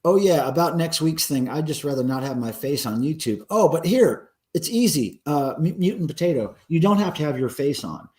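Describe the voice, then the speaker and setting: A man's voice: medium pitch, a little mellow. A man hosting a casual livestream, rambling and answering viewer comments with lots of ums and uhs. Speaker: livestream host.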